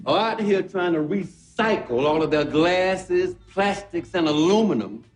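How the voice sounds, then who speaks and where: A woman putting on the voice of a brash, rude man lecturing people, in a mocking, drawn-out way. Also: lowish voice, lively intonation, darkish tone, faint music behind, voice pushed down. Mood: scolding.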